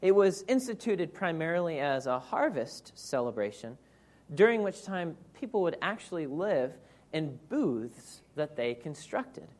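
A woman's voice: low voice, sing-song, measured pace, a little mellow. A woman preacher giving an earnest, reflective sermon that explains scripture verse by verse.

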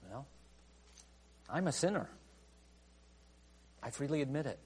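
A man preaching a sermon in a conversational way, full of "you know" fillers, who rises to emphatic outbursts and then drops quiet. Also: medium pitch, lively intonation, unhurried, slightly rough. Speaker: pastor.

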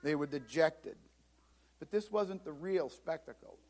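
High-voiced pastor guy preaching, gets dramatic acting out bible scenes, repeats himself a lot. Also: lively intonation, a little slow, a little mellow. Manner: repeats words and restarts. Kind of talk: sermon.

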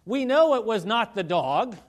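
High-voiced man preaching a conversational sermon. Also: very animated, measured pace. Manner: conversational preaching with frequent asides. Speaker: pastor.

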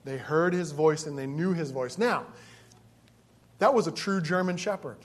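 A man's voice: a little high, normal speed, slight background noise. A man preaching a sermon, telling a personal story with emphasis and asides to the congregation. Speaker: pastor.

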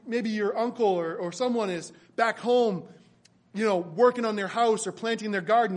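A man with a notably high voice delivers a sermon from the pulpit. He preaches earnestly and repeats key phrases for emphasis, rising and falling as he drives his points home. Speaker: pastor.

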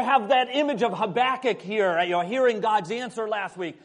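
A man with a high-pitched voice delivering a sermon from the pulpit. His delivery is dramatic, rising to loud emphasis and dropping to near-hushed asides. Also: lively intonation, moderate pace, few pauses. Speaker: pastor.

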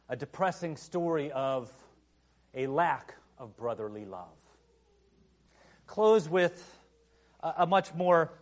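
A male pastor preaches a sermon with a slightly high voice. He talks in a conversational, storytelling way and often uses filler phrases.

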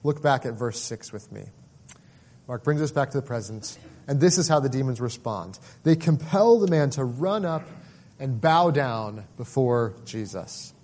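A middle-aged male pastor preaching a sermon in an earnest, emphatic way, pausing and building emphasis as he explains a passage. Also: mid-range voice, animated, darkish tone.

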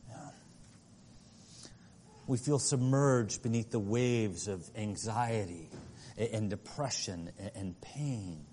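A man preaching a sermon, earnest and dynamic, shifting between soft passages and emphatic ones. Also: lowish voice, takes it slowly, pauses often, a little hiss or hum. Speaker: pastor.

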